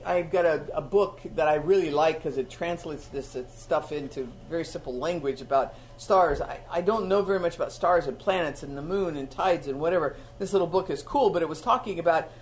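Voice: mid-range voice, brisk, few pauses. A preacher giving a sermon in a conversational teaching style, with sudden emphatic outbursts.

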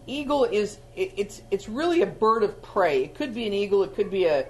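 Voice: mid-range voice, expressive, brisk. A preacher giving a sermon in a conversational teaching style, with sudden emphatic outbursts.

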